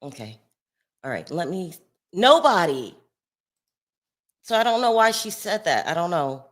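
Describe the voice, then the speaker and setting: A woman hosting a casual live stream from home, upset and shaky, rambling between loud outbursts and sighing murmurs. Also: fairly low pitch, big pitch swings, a little slow.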